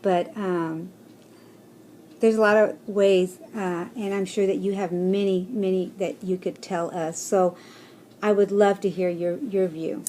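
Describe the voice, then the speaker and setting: A woman's voice: medium pitch, steady tone, a little slow, a little hiss or hum. Chatty woman vlogging about stress. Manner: chatty, rambling, with fillers and soft laughs; encouraging, speaks to viewers directly. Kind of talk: casual personal vlog.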